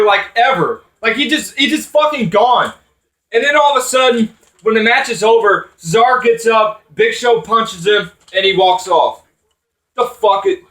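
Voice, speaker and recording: A man's voice: sits high, sharp tone, reverberant, recorded from a distance. Angry swearing man ranting off-mic. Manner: swearing, frustrated, rambling with restarts. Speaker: wrestling commentator vlogger. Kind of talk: angry profane rant.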